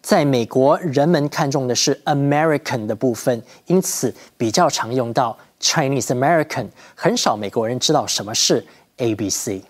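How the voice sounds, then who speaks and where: A man from Taiwan, a bilingual language teacher explaining English words in Mandarin and English with clear, measured delivery. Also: medium pitch, lively intonation.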